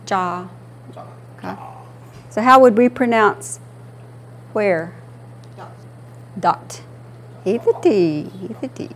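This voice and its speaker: Slow, patient woman teaching a class. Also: medium pitch, fairly bright tone, a little hiss or hum. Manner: slow, patient, repeats words for students. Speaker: language instructor. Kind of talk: classroom language lesson.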